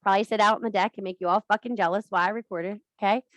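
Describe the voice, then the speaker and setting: A woman's voice: mid-range voice, fairly even intonation, racing, dry recording. A middle-aged woman leading a women's workshop over a video call, talking bluntly and emphatically with a lot of swearing. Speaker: women's circle leader. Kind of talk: casual workshop talk.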